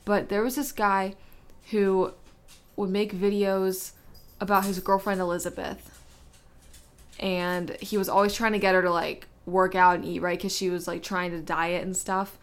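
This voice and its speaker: A young woman co-hosting a casual podcast chat, relaxed and laughing often as she runs through her list and tells stories. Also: medium pitch, a little slow, clear, resonant tone. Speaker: podcast co-host.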